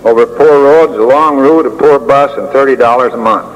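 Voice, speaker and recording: An older man giving a prepared speech as a school administrator, measured and dryly humorous, pausing often with uh. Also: mid-range voice, muffled recording. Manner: measured, with dry humor and frequent uh pauses. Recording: long hall reverb with faint hiss.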